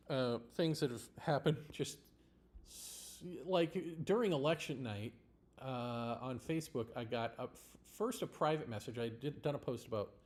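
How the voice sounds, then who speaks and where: Delivering a rambling, blunt political monologue on his livestream, a man laughs and swears casually as host. His voice is mid-range with a darkish tone.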